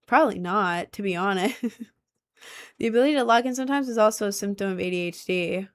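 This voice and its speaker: A young adult woman livestreaming, chatting casually and reading out viewer comments in a rambling way, going loud then mumbling. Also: medium pitch, quick pace. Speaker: livestreamer and musician.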